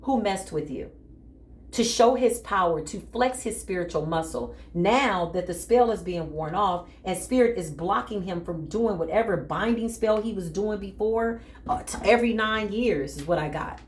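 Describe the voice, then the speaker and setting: A woman's voice: medium pitch, moderate pace, reverberant. A woman giving a dramatic spiritual tarot reading, talking straight to her viewers in an emphatic, casual way. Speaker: tarot reader.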